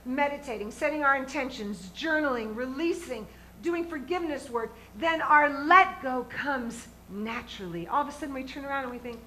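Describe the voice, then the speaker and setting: A woman minister preaches in a high, bright voice. She is earnest and emphatic, and she often stops to ask her congregation questions. She is speaking in a church sanctuary. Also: slight background noise, rough recording. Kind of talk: sermon.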